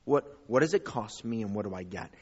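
A man preaching a sermon as pastor, rising to loud, high calls and dropping to quiet asides. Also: expressive, a little fast, breathy edge, lo-fi sound. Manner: preaching with big swings in pitch and loudness.

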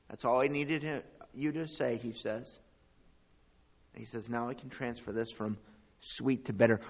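A man preaching a sermon as pastor, rising to loud, high calls and dropping to quiet asides. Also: steady tone, moderate pace, muffled recording. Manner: preaching with big swings in pitch and loudness.

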